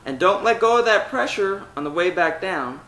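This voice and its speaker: A man's voice: sits high, animated, moderate pace, reverberant, low-quality recording. A man teaching a vocal technique lesson, talking through exercises step by step. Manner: demonstrates exercises with loud sung vowels and meows. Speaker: singing teacher.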